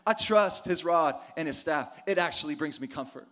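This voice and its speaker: A man's voice: a little high, moderate pace, fairly bright tone. A middle-aged man preaching a sermon, emphatic, asking rhetorical questions and calling for responses from the congregation. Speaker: pastor.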